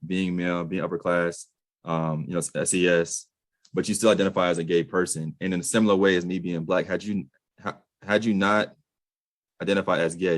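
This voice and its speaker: A man's voice: low voice, dry recording. A man in his late twenties from the United States hosting a podcast interview, earnest and emphatic, casual with slang. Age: late 20s. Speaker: podcast host.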